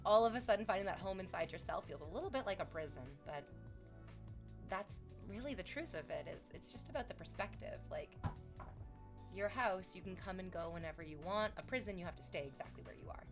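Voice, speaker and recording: A young woman chatting casually on a live stream, excitable and swearing freely. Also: lowish voice, brisk, music in the background. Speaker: livestreamer.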